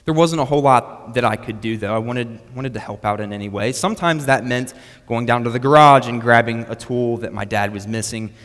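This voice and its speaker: A man's voice: medium pitch, fairly quick, a bit bright. A young man preaching a sermon that is built around a personal story, with a storytelling manner and frequent restarts on his words. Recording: long reverb of a hall.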